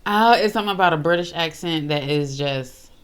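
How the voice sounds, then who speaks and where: A woman hosting a casual reaction video, chatty and quick to exclaim. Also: sits low. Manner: chatty, exclaims and laughs often.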